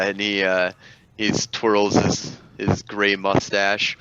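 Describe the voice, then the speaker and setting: A man's voice: lowish voice, completely flat delivery, slow, creaky, pushed and bright, smooth, dry recording, muffled recording. A man narrating as game master, rambling and full of fillers.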